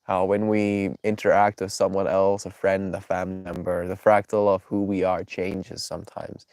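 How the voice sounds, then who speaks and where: A man's voice: sits low, flat delivery, normal speed, a little mellow, clear, resonant tone, dry recording, studio quality. A man with a stuffy nose chatting casually on a live stream, reflective and affectionate, reading viewers' names aloud and musing about life.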